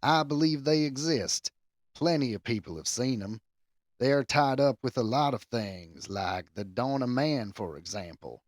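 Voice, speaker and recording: A man's voice: mid-range voice, expressive, no room sound, clean studio sound, lightly acted. A man doing a drawling Southern rock-star impression. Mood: musing. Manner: drawling, deliberately off-target impression. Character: grizzled male rock guitarist musing on UFOs.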